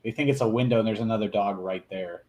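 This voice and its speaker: A man's voice: lowish voice, fast, warm tone. A man chatting casually on a podcast, crude and joking, laughing often.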